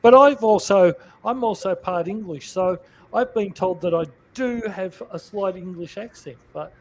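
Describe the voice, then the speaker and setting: A man's voice: high-pitched, unhurried, a little hiss or hum, low-quality recording. A man with an Australian accent, chatting casually and hesitantly in an online group video call. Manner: chatty, hesitant, with many fillers. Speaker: regular of an online chat group. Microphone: computer mic on a video call.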